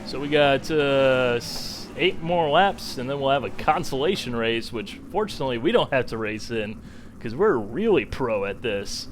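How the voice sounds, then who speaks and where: A man's voice: medium pitch, animated, moderate pace, a little hiss or hum. A man from the Midwest chatting casually and rambling as he streams a racing sim, poking fun at himself. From American Midwest. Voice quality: rambling and self-mocking. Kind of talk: casual live-stream chat.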